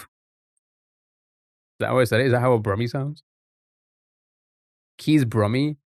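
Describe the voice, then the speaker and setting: A man of middle pitch chats his way through a live game stream, rambling and restarting his sentences as he goes. His voice sits close to the mic, dry and free of room sound. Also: moderate pace, pauses often, no echo. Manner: rambling, chatty, trips over words. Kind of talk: casual live-stream chat.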